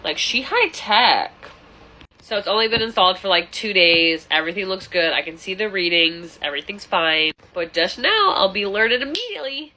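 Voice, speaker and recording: A young adult woman telling a casual storytime vlog about her tenant, animated and exasperated. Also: medium pitch, normal speed, poor audio. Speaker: landlord vlogger.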